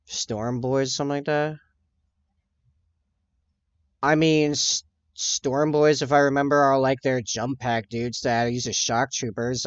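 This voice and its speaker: A man's voice: medium pitch, dry recording. A man streaming casually as he paints miniatures and chats with viewers, rambling, correcting himself and laughing often. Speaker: livestreamer. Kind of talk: casual chat while painting miniatures and answering chat. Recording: dull, dry lo-fi stream audio.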